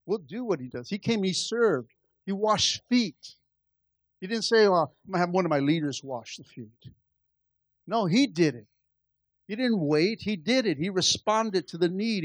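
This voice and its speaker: A high-voiced man pastor preaches a conversational sermon, calling out to the church and building into impassioned stretches that rise in volume. The recording is dry.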